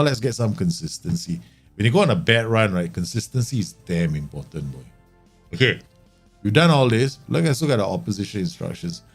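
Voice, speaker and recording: A man streaming a football management game, talking through the match and exclaiming and grumbling at his team. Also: lowish voice. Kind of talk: live gameplay commentary.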